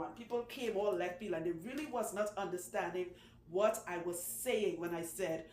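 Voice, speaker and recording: A woman who owns a salon, telling long stories in a chatty, animated way and laughing often. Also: medium pitch. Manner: chatty, animated, laughs often, does quick voices for people she quotes. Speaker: loctician, channel host. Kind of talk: casual storytelling talk. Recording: echoey room with faint background noise.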